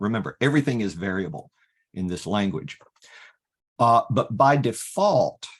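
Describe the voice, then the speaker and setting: A man leading an online workshop, explaining software step by step and often pausing with "okay" to restart. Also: on the low side. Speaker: workshop facilitator teaching LaTeX. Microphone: video call.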